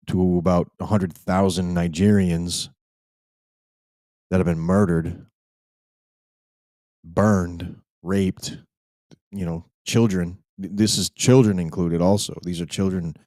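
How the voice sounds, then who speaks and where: Deep-voiced man with a rambling delivery. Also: warm tone, no echo. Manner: rambling and emphatic, with frequent restarts. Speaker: podcast host. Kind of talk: live podcast monologue.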